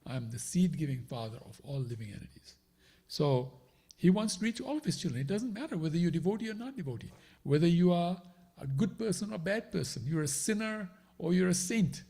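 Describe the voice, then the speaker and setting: A man leads a devotional scripture class in a slightly husky voice. His pitch sits a touch high and swings widely as he explains each line. He keeps checking in with his listeners, asking "right?". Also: very animated, fairly quick, dark tone. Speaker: spiritual teacher.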